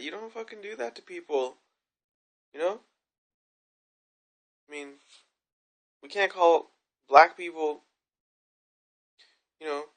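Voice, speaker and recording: A woman's voice: low voice, a bit bright. A woman vlogging to camera, telling a story in a frank, rambling way with plenty of swearing. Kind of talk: candid vlog monologue.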